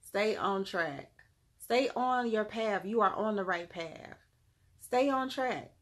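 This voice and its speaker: A woman's voice: mid-range voice, animated, takes it slowly. A woman giving a casual tarot reading on a live stream, laid-back and slangy, calling her viewers "beloved".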